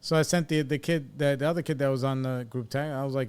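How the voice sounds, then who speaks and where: A man's voice: medium pitch, steady tone, fast, a little mellow, smooth. A man in his forties talking candidly on a podcast, reflective and blunt, swearing freely as he works through his thoughts. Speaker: podcast host in recovery. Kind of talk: candid casual talk.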